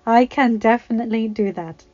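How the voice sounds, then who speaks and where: A woman's voice: on the high side, normal speed, darkish tone, no echo, close to an everyday voice. A woman voicing a young woman who speaks sincerely with a light, teasing edge. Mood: playful. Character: playful older sister, sincere. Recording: slightly dull lo-fi recording.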